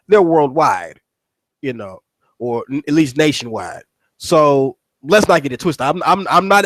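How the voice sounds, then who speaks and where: Rambling, profane man with a high voice. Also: no echo, rough recording. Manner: rambling, profane, repeats words and restarts. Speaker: wrestling show host. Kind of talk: casual recap commentary.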